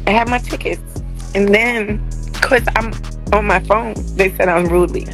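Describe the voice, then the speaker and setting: Upset, teary woman, casual phone vlog, rambling and confrontational, mid-pitched, over loud music. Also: moderate pace. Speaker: passenger filming herself.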